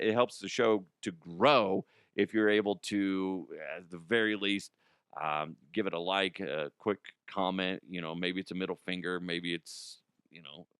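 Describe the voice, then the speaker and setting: A man's voice: on the low side, a bit bright, smooth, dry recording, clean studio sound. Laughing, self-mocking male show host. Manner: self-deprecating, laughs often, swears freely. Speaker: host of a comedy sports news show. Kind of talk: casual comedic monologue. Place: studio.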